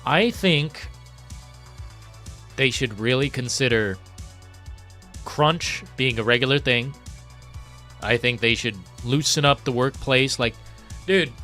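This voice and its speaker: A frustrated man vents on his live stream, cursing freely and lurching between low grumbles and sudden shouts. His voice sits at an ordinary pitch with a bright, forceful edge. Soft background music plays faintly under him. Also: slow pace, pauses often. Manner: frustrated, profane, swings from muttering to shouting; reads chat messages aloud. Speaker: livestream host. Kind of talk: ranting live chat.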